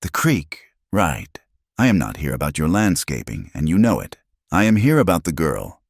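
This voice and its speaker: Man doing a blunt, worldly saloon-owner woman, pressing and frank, deep voice, dry close sound, storybook reading. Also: very animated, normal speed, creaky, slightly rough, dry recording, exaggerated voice. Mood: blunt warning. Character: sharp-tongued blunt female saloon owner.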